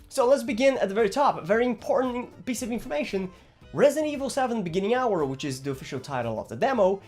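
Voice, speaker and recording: A young man from Brazil, chatting casually about a video game in an animated, rambling, jokey way. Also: high voice. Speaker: gaming vlogger.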